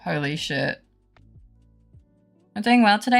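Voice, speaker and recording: Woman streamer, bright tone, rambling storyteller, faint music underneath. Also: medium pitch, measured pace. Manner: rambling animated storytelling, laughing. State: unwell with brain fog. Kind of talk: casual chat with live chat.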